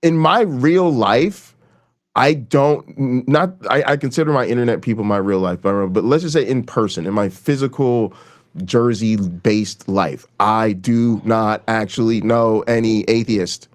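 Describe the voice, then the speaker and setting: A man hosting a casual podcast chat, ranting in a profane, animated way. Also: mid-range voice, measured pace.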